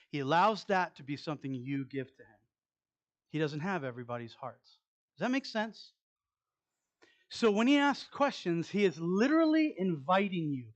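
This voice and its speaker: Pastor, male, slightly high-pitched; animated, chatty preaching with questions to the room and soft asides. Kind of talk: conversational sermon. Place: church sanctuary.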